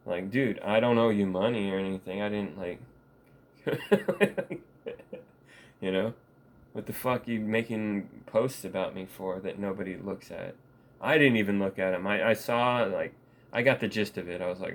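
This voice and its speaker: A man with a somewhat low voice talks in a loose, rambling vlog monologue. He swears constantly and laughs often while he talks. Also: normal speed. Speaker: vlogger.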